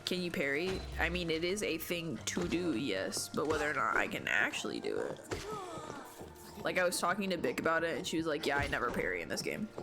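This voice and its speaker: A woman's voice: deep voice, very animated, a little fast, vocal fry. A young woman streaming a video game, commenting casually, thinking aloud and swearing in exasperation. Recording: game music behind her voice. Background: game music.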